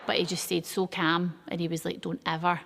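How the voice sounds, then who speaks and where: A woman's voice: lowish voice, a little fast, gravelly, background noise. A woman telling a family story in a documentary interview, acting out the dialogue as she goes. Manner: lively storytelling, acts out quoted dialogue. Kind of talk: interview recollection.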